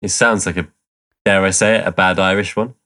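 A man's voice: low-pitched, steady tone, brisk, sharp tone. A man co-hosting a podcast, easygoing, explaining and reading out background notes. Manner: easygoing, explains and laughs along. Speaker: podcast co-host.

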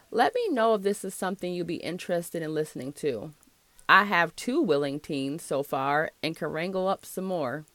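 A woman's voice: on the low side, no echo. A woman in her thirties or forties hosting her own solo podcast, talking in a chatty, encouraging way. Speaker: podcast host.

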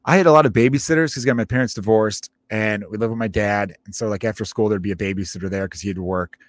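Male podcast host, 30s, low register, casual and profane storyteller, dry close sound. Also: fast talker, no echo. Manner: rambling, profane, self-interrupting.

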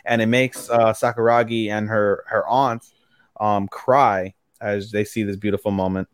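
A man's voice: lowish voice, steady tone, a little slow, smooth, no echo, studio quality. A man co-hosting an anime podcast, chatting casually and acting out characters' lines as he retells scenes. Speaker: podcast co-host. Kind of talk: casual anime recap chat.

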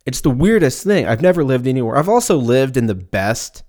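A man's voice: medium pitch, very animated, brisk, a little mellow. A man in his twenties from Southern California, hosting a casual solo podcast and rambling, joking and swearing freely. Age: 20s. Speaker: podcast host.

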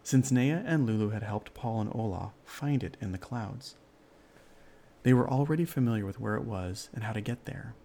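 A man narrating a children's fairy-tale story in a calm, measured way. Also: on the low side, creaky.

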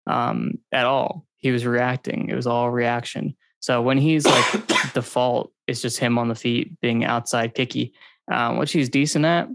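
A man's voice: medium pitch, steady tone, measured pace, creaky, heavy background noise. A man co-hosting a podcast, breaking down fights in a loose, rambling way full of ums and likes. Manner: rambling, hedging, filler-heavy analysis. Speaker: podcast co-host. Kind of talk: casual podcast chat.

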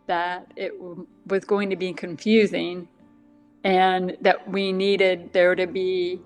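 A woman guest in a casual interview, speaking with a deaf accent that makes some sounds slightly different, chatty and quick to laugh at herself. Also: lowish voice, little pitch movement, soft background music. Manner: chatty, laughs often, self-deprecating asides. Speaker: guest author.

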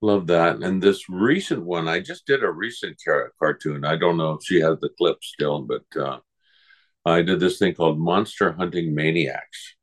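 A man's voice: sits low, normal speed. An older man, a guest voice actor, telling rambling anecdotes in a casual interview and acting out the people he quotes.

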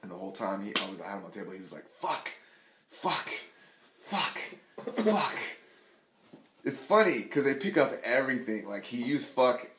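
A man's voice: lowish voice, expressive, racing, hardly any pauses, background noise. A man talking as a podcast guest in casual chat, rambling, swearing a lot and saying "like" all the time. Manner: rambling, profane, says "like" a lot. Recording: echoey room.

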